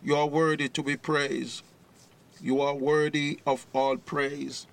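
A man preaching a sermon, reading scripture in a rising, declaiming voice and greeting partner ministries. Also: medium pitch.

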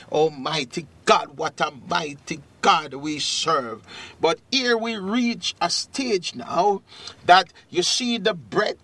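Fervent Jamaican preacher, high and bright. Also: male voice, lively intonation, dry recording. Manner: fervent, drawn-out preaching with loud rising exclamations. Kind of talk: sermon.

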